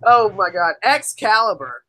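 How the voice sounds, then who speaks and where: A woman co-hosting a podcast in casual chat, excitable with loud exclamations. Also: medium pitch, measured pace, low-quality recording. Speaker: podcast co-host.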